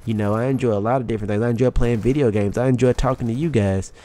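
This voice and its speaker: A man's voice: medium pitch, fast talker, mellow, a little hiss or hum. A young man with a strong Southern US twang, talking candidly and profanely over his gameplay as a YouTube commentator. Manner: candid, rambling, swears freely. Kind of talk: casual motivational talk over gameplay.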